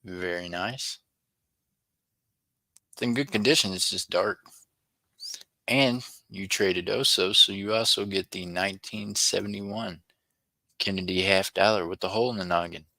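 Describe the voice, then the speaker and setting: A chatty man hosts a coin-roll livestream, his low voice bright and forward. He talks to viewers by name and gets excited over small finds. The sound is close and dry, with no room around it. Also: measured pace, creaky, long pauses, dry recording. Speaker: livestream host searching coin rolls. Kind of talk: casual livestream chat with viewers.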